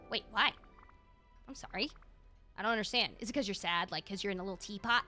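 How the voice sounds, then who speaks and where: Excitable lady streamer, bright voice, soft music behind her. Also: on the high side, brisk, long pauses. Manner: excitable, exclaiming. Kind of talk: casual live-stream chatter.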